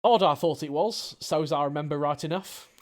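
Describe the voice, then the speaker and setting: A man voicing a gruff, plain-spoken male factory assistant in a put-on Cockney accent, with rough, folksy grammar. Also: fairly high pitch, normal speed, close to an everyday voice. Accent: mock Cockney.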